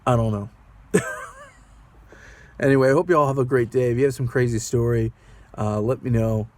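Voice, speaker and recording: Guy driver rambling thru a sketchy ride story, warm low-key tone, keeps asking what would you do. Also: moderate pace, no echo. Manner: rambling, anxious, asks the viewer rhetorical questions. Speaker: rideshare driver. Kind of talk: casual storytelling vlog.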